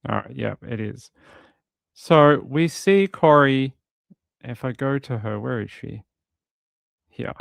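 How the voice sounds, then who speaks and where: A man talks through a case in casual livestream commentary, rambling a little and reading out viewers' comments. His voice is smooth and clear. It is recorded close and dry, with no room sound. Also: mid-range voice, lively intonation, slow pace, pauses often, dry recording. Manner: conversational, rambling, reads out chat comments. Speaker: true crime streamer.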